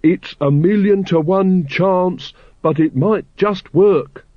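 A man's voice: on the high side, animated, moderate pace, slightly rough, no room sound. A man voicing an earnest, naive young watchman who speaks plainly and honestly. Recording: slightly muffled dry recording.

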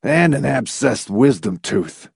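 A man's voice: medium pitch, sing-song, a little slow, vocal fry, a little mellow, slightly rough, no room sound, clean studio sound, heavily acted. A man reading the part of a sick, gloomy man who mutters in a defeated tone. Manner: muttering, sullen.

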